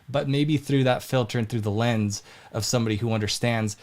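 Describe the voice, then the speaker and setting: A man's voice: medium pitch, brisk, darkish tone. A man chatting casually as a podcast host, rambling as he thinks aloud.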